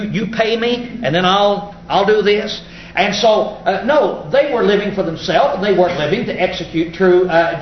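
A high-pitched man teaching scripture in a folksy, halting manner, often pausing on filler sounds. The recording is roomy and echoing, a little muffled, with faint ambient noise behind him. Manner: folksy, explanatory, halting with many uh's. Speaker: preacher. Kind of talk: Bible study sermon.

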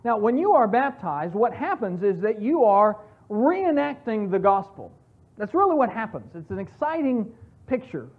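A woman leads a Bible study with earnest emphasis, her fairly high voice coming through a thin, phone-like channel. She explains scripture at length, stopping and restarting her phrases. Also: sing-song, moderate pace. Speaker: Bible teacher. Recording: tinny phone-like sound.

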